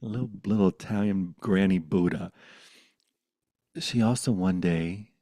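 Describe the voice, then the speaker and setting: A man as a spiritual teacher giving a satsang talk, telling stories intimately and often dropping to a hushed whisper. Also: sits low, a little slow, no room sound.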